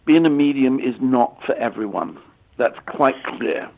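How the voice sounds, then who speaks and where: An English man in his sixties, a medium, answering interview questions in a halting way, often repeating words and using fillers. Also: medium pitch, animated, creaky. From England. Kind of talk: conversational interview. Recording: tinny phone-line audio.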